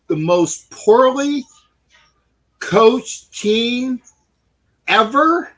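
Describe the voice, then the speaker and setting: High bright-voiced guy hosting a football talk show, slow and loud, pirate slang. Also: low-quality recording. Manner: loud, animated, pirate-captain slang like "shipmate". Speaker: podcast host. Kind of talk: casual sports talk show.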